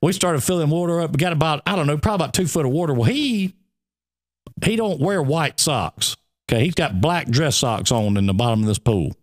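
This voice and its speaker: A man's voice: a little high, brisk. A man, co-hosting a radio show and telling a long funny story in casual chat, often breaking into laughter. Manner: animated, laughing storyteller with a Southern drawl.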